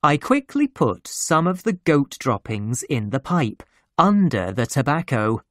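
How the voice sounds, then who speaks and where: A narrator reading a children's memoir story slowly and clearly for English learners. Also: medium pitch, big pitch swings, no room sound, studio quality. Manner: slow, clear and deliberate. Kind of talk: slow graded-reader storytelling for English learners.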